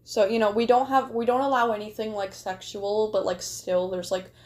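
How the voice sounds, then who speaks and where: A woman's voice: medium pitch, little pitch movement, moderate pace, a little mellow. A woman chatting casually on a livestream, rambling along with frequent "like" fillers. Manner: rambling, chatty, heavy use of "like".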